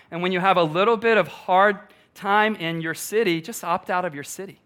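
A man's voice: high voice, moderate pace, few pauses, a bit bright, smooth. A male pastor preaching a sermon, emphatic, repeating key lines and putting questions to the congregation.

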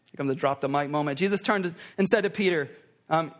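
Pastor, male, high voice, chatty animated sermon with crowd asides. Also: brisk. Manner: conversational, animated, talks to the congregation with asides.

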